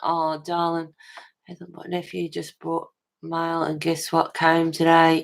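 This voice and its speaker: Middle-aged woman, deep voice, chatty home livestream host, talks with viewers by name over a webcam, fussy about detail. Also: little pitch movement, a little slow. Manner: chatty, answers viewers' comments with endearments; self-described fussy and pedantic. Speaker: livestream host of a colouring channel. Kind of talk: casual livestream chat. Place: home, at a table.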